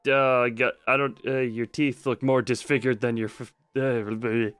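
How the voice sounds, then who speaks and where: A man's voice: medium pitch, little pitch movement, a little slow, a bit bright, clean tone, dry recording. A man streaming a game, reading the on-screen text aloud and breaking off for joking remarks. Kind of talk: live gameplay stream, reading a visual novel aloud.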